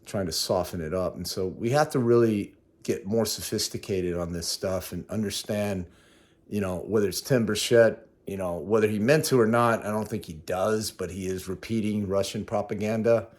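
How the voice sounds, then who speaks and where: Low-voiced man in a rambling vlog recap. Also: normal speed. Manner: conversational, rambling, self-correcting. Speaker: travel vlogger. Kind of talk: casual spoken recap to camera.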